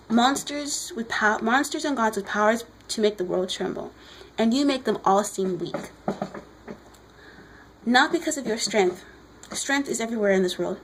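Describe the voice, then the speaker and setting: An earnest warrior heroine speaks words of steady encouragement, read aloud by a woman in her own voice. The delivery is measured and sincere, a little high in pitch. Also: a little hiss or hum, natural voice, low-quality recording.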